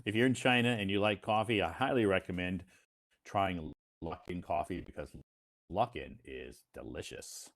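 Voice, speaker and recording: An American man, an English teacher hosting a live stream, chatting casually in a slow, deliberate way with frequent "uh"s. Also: low-pitched, fairly bright tone. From United States.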